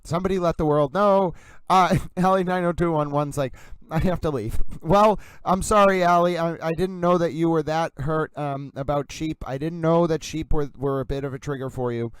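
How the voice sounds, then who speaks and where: A man with a Massachusetts accent hosts a livestream in a playful, rambling, announcer-like way. His voice sits a little high for a man and comes across smooth and clear. The close mic sounds dry, with no room in it. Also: moderate pace, dry recording. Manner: announcer-like delivery, mock-grand, keeps addressing "ladies and gentlemen". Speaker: livestream host.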